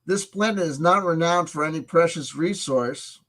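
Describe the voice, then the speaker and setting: Reading from a tabletop game supplement for a casual review, a man interrupts himself with sarcastic remarks and profanity. His voice is slightly high and a bit bright, at a moderate pace.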